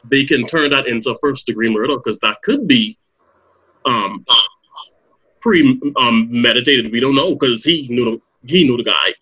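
A man on a podcast talks earnestly, sometimes halting to find the right word. His voice is husky with a forceful edge. The tone is conversational discussion. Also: medium pitch, rough recording. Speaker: podcast co-host.

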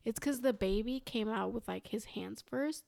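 A young woman telling a story as a podcast guest, animated and quoting herself and others. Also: fairly high pitch, normal speed, creaky, no echo, studio quality. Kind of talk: casual storytelling.

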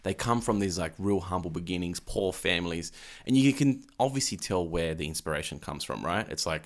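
Deep-voiced man chatting casually. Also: fairly quick. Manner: relaxed, swears freely, laughs easily. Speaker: podcast host. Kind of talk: casual chat.

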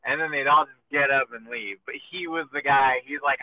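A podcast host chats casually, rambling through stories, swearing freely and acting out the voices he quotes. His mid-range voice is brisk with fairly even intonation, and the sound is tinny and phone-like, lo-fi with faint noise.

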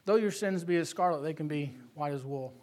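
A man putting on the hushed voice of God. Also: a little high, voice pushed down, lightly acted. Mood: gentle. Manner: hushed, slow and tender. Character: the Lord, a gentle patient questioning God.

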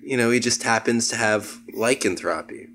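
A man casually rambling through a comedy pitch, full of filler words. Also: moderate pace, a bit bright, a little hiss or hum.

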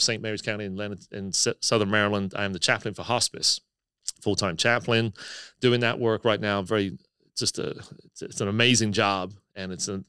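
A man in his fifties from England with an English accent softened by years in the US, a pastor and chaplain chatting casually in an animated way with many fillers. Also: on the low side, clear, resonant tone, no echo, clean studio sound. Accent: English, softened by decades in the US. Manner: animated, talks fast with lots of fillers. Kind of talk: casual podcast chat.

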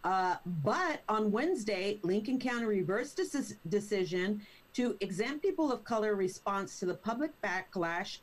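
A woman's voice: mid-range voice, rough recording. Indignant woman in casual discussion. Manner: indignant, animated storytelling with mocking quoted voices.

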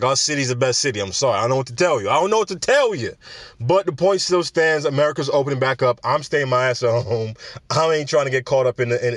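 Recorded dry, a New York man with a medium-pitched voice delivers solo podcast commentary from his South Florida home. He keeps it casual and slangy, drifting off on rambling tangents.

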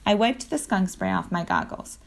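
Lady reading a kids' chapter book, gravelly fry in her voice, playful sound effects. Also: medium pitch, normal speed. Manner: lively storytelling with sound effects. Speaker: audiobook narrator. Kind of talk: children's book narration.

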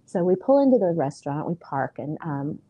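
A woman's voice: low voice, sing-song, brisk, warm tone, breathy edge. A middle-aged woman, a podcast guest, telling a family story in a casual, earnest way, full of fillers.

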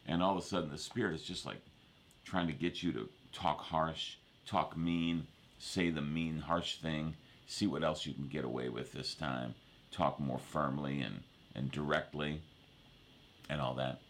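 A man's voice: very deep voice, fairly even intonation, measured pace. A man preaching a sermon in a loose, conversational way, with frequent restarts and asides to the congregation. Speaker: pastor.

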